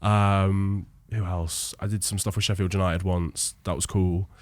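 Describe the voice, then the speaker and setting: A man's voice: low voice, level tone, unhurried, darkish tone, dry recording, clean studio sound. A man chatting on a podcast, telling anecdotes with frequent laughter. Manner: chatty storytelling, laughs often. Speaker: podcast guest. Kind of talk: casual chat.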